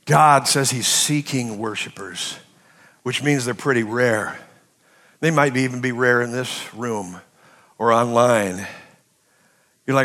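A man preaching a sermon as pastor, swinging between impassioned shouting and quiet, hushed passages. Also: medium pitch, moderate pace, long pauses. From United States.

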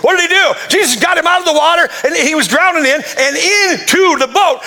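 A man's voice: extremely high pitch, sing-song, normal speed, few pauses, pushed and bright. A man preaching a sermon, playful and joking, acting out prayers in the voice of the people praying them. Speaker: pastor.

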